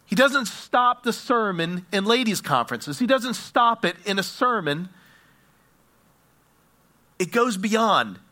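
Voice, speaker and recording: A man preaching a sermon, telling stories dramatically and swinging from hushed tones to loud ones. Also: high voice, animated, slow, long pauses.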